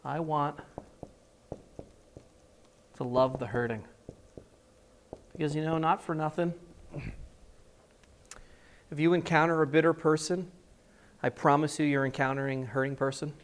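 A male preacher telling a personal story in a sermon, animated, with emphatic repetition. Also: a little high, measured pace, pauses often.

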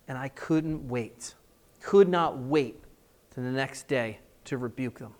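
A man preaching a sermon, telling stories with lively acted-out dialogue. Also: fairly high pitch, unhurried. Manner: animated storytelling, acting out scenes in different voices. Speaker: pastor.

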